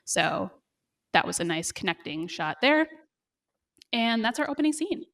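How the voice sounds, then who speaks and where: A woman co-hosting a podcast, recapping a TV episode in casual chat, with fillers and quick laughs. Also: fairly high pitch, sing-song, fairly bright tone.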